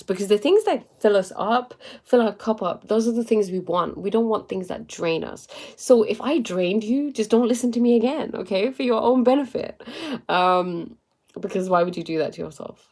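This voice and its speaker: A woman's voice: mid-range voice, moderate pace, creaky, a little mellow. A young woman casually giving spiritual and motivational talk to live viewers, chatty and full of fillers. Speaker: livestream host.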